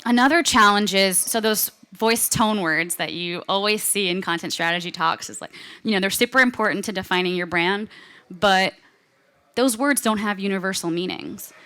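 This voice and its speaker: On a conference stage, a woman presents in a medium-pitched voice at a moderate pace, her tone pushed and bright yet clean. She keeps it casual and chatty, often saying "like" and "you know."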